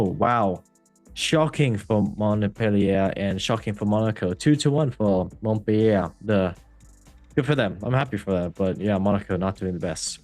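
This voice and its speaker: A man's voice: lowish voice, a little mellow, dry recording. A man hosting a casual football podcast who reads results in an upbeat, breezy way and often falls back on stock phrases. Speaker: host.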